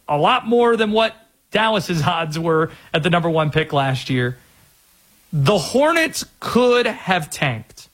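Male sports talk host from North Carolina, higher voice, a little husky, emphatic. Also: a bit bright. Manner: conversational, emphatic, drawn-out phrasing. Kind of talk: sports talk radio monologue.

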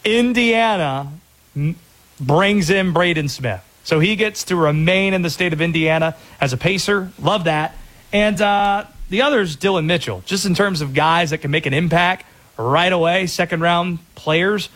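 A man hosting a sports talk radio show, bantering quickly about draft picks. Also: high voice, fairly bright tone.

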